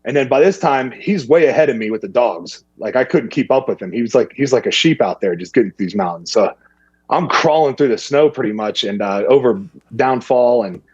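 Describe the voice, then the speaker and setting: A man's voice: medium pitch, fairly quick, slightly rough, no room sound, lo-fi sound. A man, casually telling a hunting story and acting out what people said to him. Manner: animated, acts out other people's lines in a raised voice.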